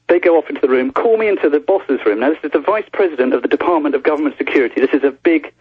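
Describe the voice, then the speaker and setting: A man, a journalist guest, recounting events in rapid, breathless storytelling with restarts. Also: fairly high pitch, animated, breathy edge, no echo. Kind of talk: phone-in interview storytelling. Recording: tinny phone line.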